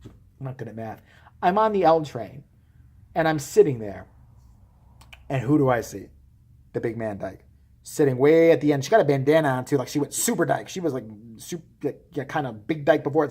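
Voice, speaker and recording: Man vlogger, lively sing-song delivery, profane, blunt and joking, acts out his quotes. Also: a little high, normal speed, slightly rough. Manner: acts out quoted voices while telling. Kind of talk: casual storytelling.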